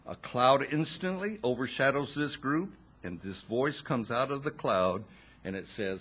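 A man delivering a sermon in an unhurried, deliberate way, letting his pitch rise and fall widely. His voice has a husky edge, and he drops in wry, dry asides between points. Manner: slow, expressive preaching with dramatic pauses and wry asides. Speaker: preacher.

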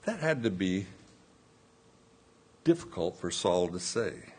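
A man's voice: sits low, sing-song, takes it slowly, a little mellow, breathy edge. A man preaching a sermon, reading scripture aloud and explaining the verses in plain asides.

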